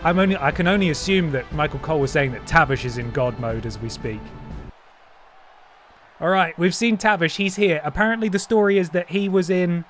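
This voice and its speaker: Jokey man streaming a game. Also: high voice. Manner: chatty, jokey, talks to chat and mods. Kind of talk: casual live-stream commentary.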